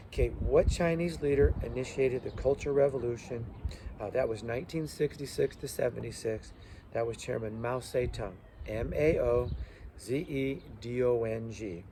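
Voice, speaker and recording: A man's voice: medium pitch, dark tone, slight background noise. A male teacher giving a loose review lecture full of fillers, stopping to spell out terms letter by letter. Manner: loose, halting delivery with many fillers.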